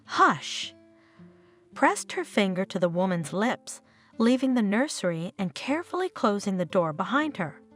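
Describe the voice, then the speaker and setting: A woman's voice: mid-range voice, lively intonation, normal speed. A woman narrating a dramatic family story in a scripted storytelling style, over faint background music.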